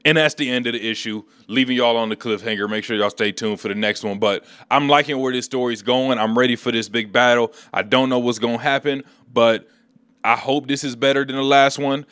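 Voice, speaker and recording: A man's voice: mid-range voice, fairly even intonation, a little fast, a bit bright, clean tone, no room sound. A man hosting a casual comic book recap, telling the story in slangy, laid-back speech on a close mic.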